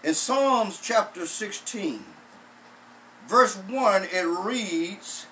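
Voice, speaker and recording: A man's voice: high voice, pushed and bright, distant mic, slight background noise, low-quality recording. A man, a pastor, preaching a sermon, repeating phrases and stretching out words for emphasis. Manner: repetitive emphatic preaching, drawn-out stresses.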